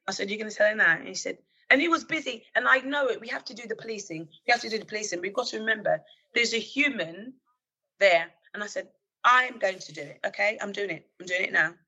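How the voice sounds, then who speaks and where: A woman who is a former police officer, telling a personal story in an earnest, halting way with many fillers and restarts. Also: mid-range voice, sharp tone, husky, rough recording. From London, England.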